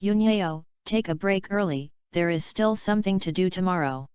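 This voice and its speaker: Caring young guy in a storybook, a woman reading him, lowish smooth voice, dull dry sound. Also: moderate pace, darkish tone, dry recording, lightly acted. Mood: plain. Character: young man, caring and awkward. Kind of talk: scripted audiobook reading.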